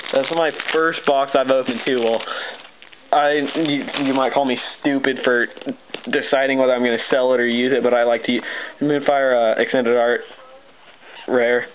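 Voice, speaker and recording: Man, unboxing commentary, excitable, stammering, apologetic, tinny phone-like sound, heavy hiss. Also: medium pitch, moderate pace. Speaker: card pack opener.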